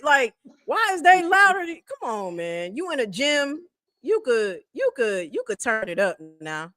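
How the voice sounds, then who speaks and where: A woman co-hosting a casual live sports talk stream, animated and teasing, laughing often. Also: high-pitched, a little slow, no room sound, studio quality. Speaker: sports talk show co-host.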